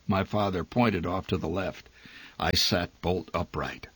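Husky low-voiced male storyteller. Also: measured pace, fairly bright tone, dry recording. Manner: wry, nostalgic storytelling. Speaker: narrator. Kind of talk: audiobook story narration.

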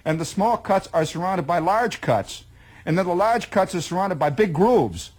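Animated man telling a wry war story. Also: high-pitched, normal speed. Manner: animated, repeats words while stacking up details; wry and exaggerating. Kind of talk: spoken storytelling monologue.

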